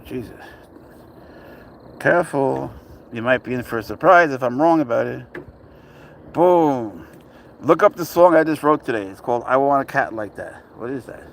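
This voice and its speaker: A man's voice: mid-range voice, lively intonation, unhurried, creaky, long pauses, a little hiss or hum. A man filming his cat at an outdoor playground, chatting casually with profane, exasperated banter. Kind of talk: casual vlog chat.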